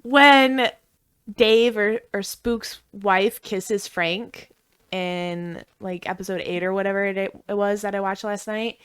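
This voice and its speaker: A woman co-hosting a podcast in casual chat, telling stories in an animated way and swearing a lot. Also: mid-range voice, slow pace, smooth. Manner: animated, swearing, laughing storyteller. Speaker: podcast co-host.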